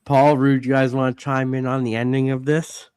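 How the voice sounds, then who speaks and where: A man hosts a comics podcast in a relaxed, agreeable way, bringing others into the talk. His voice is mid-pitched, and the room is dry. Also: moderate pace, clean tone, dry recording. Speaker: podcast host. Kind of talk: casual chat.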